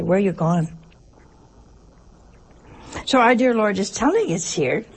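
Gravelly-voiced nun preaching folksily. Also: female voice, medium pitch, darkish tone. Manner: folksy, humorous, full of rhetorical questions. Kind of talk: conversational sermon.

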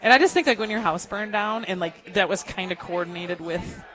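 A woman's voice: mid-range voice, fairly quick, a bit bright, some chatter behind. A woman hosting a talk radio interview, gushing and chatty with lots of fillers. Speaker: radio show host.

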